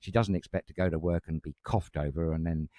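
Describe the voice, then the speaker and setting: A London-raised man co-hosting a live chat show, with a very low, mellow voice. He talks to his viewers in a chatty, emphatic way, leaning hard on key words. The sound is close and dry, with no room echo. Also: fairly even intonation, fairly quick. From north London, England. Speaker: talk show co-host. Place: studio.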